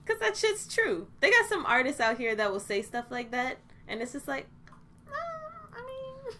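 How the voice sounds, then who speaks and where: A woman's voice: high voice, sing-song, moderate pace, bright, forceful tone. Giggly young woman co-host. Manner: playful, giggly, teasing. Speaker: podcast co-host. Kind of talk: casual chat.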